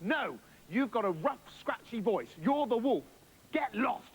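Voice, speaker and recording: A man's voice: very high-pitched, very animated, unhurried, slightly rough, exaggerated voice. A man voicing cheeky, bossy little goat kids in a comic children's story. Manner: cheeky and mouthy.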